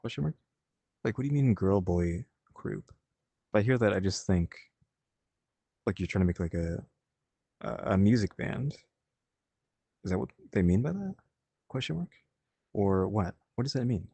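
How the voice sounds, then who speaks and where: Deep gravelly man, puzzled and questioning. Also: expressive, moderate pace, long pauses, dark tone, no echo. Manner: puzzled, questioning, thinking aloud. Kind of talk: casual reaction chat.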